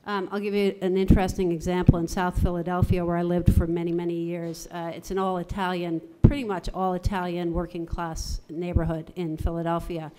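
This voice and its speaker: A middle-aged woman, a theatre voice and dialect coach, giving a measured, articulate talk at a university conference. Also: on the low side, flat delivery, very noisy. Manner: measured, articulate presenting with lists.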